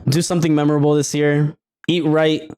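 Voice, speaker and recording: A man's voice: on the high side, little pitch movement, brisk, darkish tone, clean tone. A man co-hosting a podcast in casual chat, easygoing and swearing casually as he gives advice. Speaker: podcast co-host.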